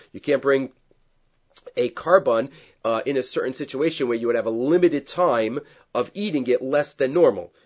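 A man's voice: mid-range voice, darkish tone. A man teaching a class on Jewish law, reading Hebrew sources and explaining them in English, with asides and rhetorical questions. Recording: dull lo-fi recording.

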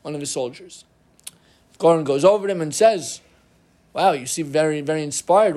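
A middle-aged man teaching an informal Torah class, animated, with humorous asides and frequent restarts. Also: a little high, moderate pace, pauses often.

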